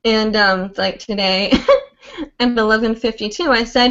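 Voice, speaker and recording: A woman's voice: a little high, animated, a little slow, gravelly. A woman hosting a live online show, chatting casually and rambling with lots of "like" and "um". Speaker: host of a live hooping show. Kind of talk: casual livestream chat. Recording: dull lo-fi livestream audio.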